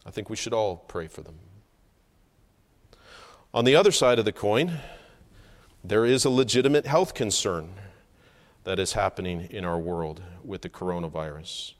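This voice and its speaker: A man preaching a sermon from the pulpit, earnest and measured, with emphatic rises on key points. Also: on the low side. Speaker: pastor. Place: church sanctuary. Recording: long hall reverb.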